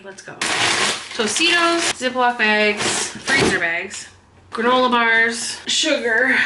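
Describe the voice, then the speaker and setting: Woman, thirties, rambling haul chat, higher voice, echoey kitchen. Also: bright, forceful tone, a little hiss or hum. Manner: chatty, rambling, trails off in filler words. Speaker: vlogger. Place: home kitchen.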